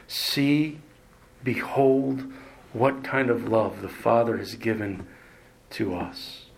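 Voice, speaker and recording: Slow, emphatic male preacher. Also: mid-range voice, steady tone, vocal fry, slight background noise. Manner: emphatic, repeats words for emphasis, slow deliberate delivery with dramatic pauses. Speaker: pastor. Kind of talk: sermon.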